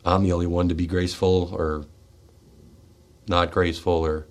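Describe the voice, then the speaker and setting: A middle-aged man hosting a radio show, speaking in a raw, confessional monologue, tearful and shaky, swinging between forceful outbursts and hushed words. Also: sits low, level tone, moderate pace. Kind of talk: emotional personal monologue. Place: radio studio.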